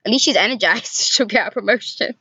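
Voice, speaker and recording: A woman's voice: mid-range voice, brisk, sharp tone, slightly rough, no echo, low-quality recording. A young woman giving casual let's-play commentary, chatting to the characters in her game with sighs and groans. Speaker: gaming YouTuber. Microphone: desk microphone.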